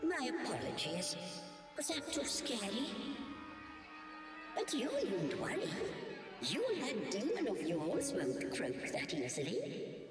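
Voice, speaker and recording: A woman's voice: medium pitch, huge pitch swings, slow, long pauses. An actress voicing a mysterious, unseen woman in a video game, who speaks in a playful, knowing and cryptic way. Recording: echoey game audio with long reverb, loud music.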